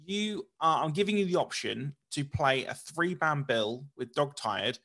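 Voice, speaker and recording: A man's voice: fairly high pitch, animated, unhurried, sharp tone. A man hosting a podcast, asking questions in a rambling, casual way and swearing now and then. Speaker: podcast host.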